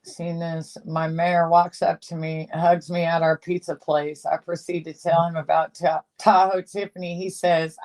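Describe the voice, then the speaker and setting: A livestream host chatting casually and sarcastically about online personalities, greeting commenters and often laughing. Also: mid-range voice. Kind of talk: casual gossip commentary, reading chat.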